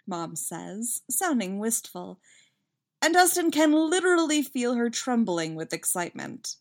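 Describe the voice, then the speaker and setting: A woman reading a fan story aloud with lively, expressive narration. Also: a little high, unhurried. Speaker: fanfiction reader.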